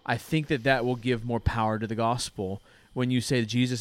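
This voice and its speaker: A man in his thirties hosts a church podcast, telling a story in a casual, earnest way with frequent restarts. His medium-pitched voice keeps a fairly even intonation at a moderate pace.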